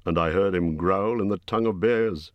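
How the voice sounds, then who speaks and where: A man's voice: low-pitched, normal speed, dry recording, muffled recording, close to an everyday voice. A man voicing an old male wizard who is stern, testy and lecturing.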